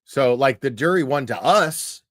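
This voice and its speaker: A man's voice: mid-range voice, expressive, unhurried, dry recording, studio quality. A man hosting a livestream, giving crude, heckling commentary full of swearing. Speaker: livestream host. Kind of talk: profane casual commentary.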